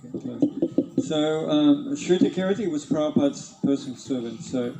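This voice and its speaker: A man hesitantly recalling cooking in a temple, with many pauses. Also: a little high, dark tone, slight background noise, poor audio. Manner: halting, many ums. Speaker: former temple cook. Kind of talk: hesitant reminiscence.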